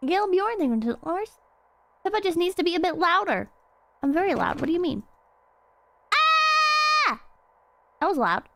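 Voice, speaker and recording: A woman streaming a horror game, chatting excitably and rambling, swearing freely as she plays. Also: very high voice, fairly quick, slight background noise. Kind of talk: casual game stream chat.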